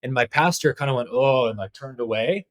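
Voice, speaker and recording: Animated man telling a story. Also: mid-range voice, a little fast. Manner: animated, conversational, with frequent "like" fillers. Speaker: podcast guest, spiritual teacher. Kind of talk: candid storytelling in a podcast interview.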